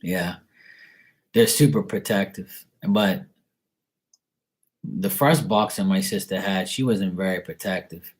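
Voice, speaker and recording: A man's voice: deep voice, takes it slowly, long pauses, slightly rough. A man, a tarot reader, chatting casually and candidly with his live-stream viewers in a rambling, laid-back way.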